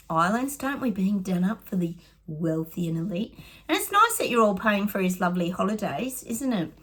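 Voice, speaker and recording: A middle-aged Australian woman, a psychic giving casual predictions, chatty and sarcastic, often laughing. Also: mid-range voice.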